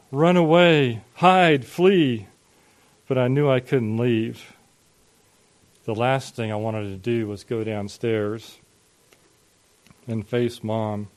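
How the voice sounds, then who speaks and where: A man preaches in a mid-pitched voice, recounting a painful story slowly and dramatically. He lingers over each phrase, letting the tension build. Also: a little mellow, smooth. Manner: slow, dramatic first-person narration. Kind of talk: sermon storytelling.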